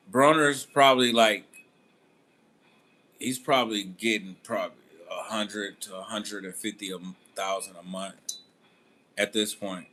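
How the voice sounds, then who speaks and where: Bright-voiced man telling a story casually. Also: medium pitch. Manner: animated storytelling, acting out quotes; laid-back, laughing. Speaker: boxing channel host. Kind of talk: casual commentary.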